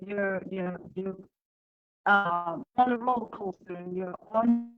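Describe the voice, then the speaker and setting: Heard over an online call with dull audio, a woman with a medium-pitched voice gives an unscripted talk about overcoming fear. She sounds hesitant, using many fillers and frequently restarting her sentences.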